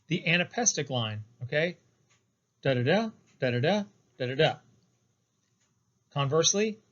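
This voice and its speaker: Male instructor, slightly higher voice, halting lecture delivery with lots of fillers, slightly muffled recording. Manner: hesitant, many fillers and restarts, stretches key terms. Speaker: poetry instructor.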